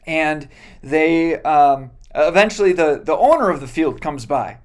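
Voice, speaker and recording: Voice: medium pitch, expressive, a little slow. A pastor giving a sermon, retelling a Bible story in a casual, joking way with many fillers and self-corrections.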